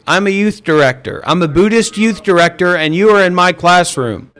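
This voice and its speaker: A man's voice: high voice, normal speed, a bit bright. A man hosting an online voice chat and livestream, scolding listeners with profanity and repetition. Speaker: voice chat host and streamer. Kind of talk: livestream rant.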